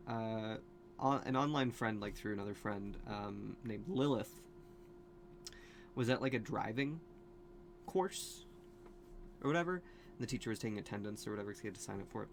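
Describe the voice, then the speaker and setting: A man chatting casually as a video host, at a middle pitch. He rambles through asides and restarts, peppering his talk with fillers, with a faint hiss behind him. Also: normal speed, pauses often.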